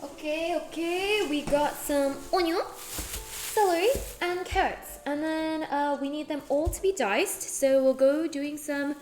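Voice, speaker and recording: A woman's voice: sits high, steady tone, slow, fairly bright tone, soft background music. A young adult woman streaming as she cooks in her home kitchen, chatting casually and rambling with lots of "like" fillers. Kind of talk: casual chat while cooking.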